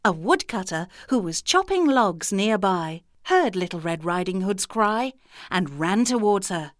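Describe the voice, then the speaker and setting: A woman narrating a children's storybook in an expressive, sing-song manner. She takes her time, letting her voice climb and dip through each sentence. The recording is close and dry, with no room sound. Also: mid-range voice, measured pace, no echo.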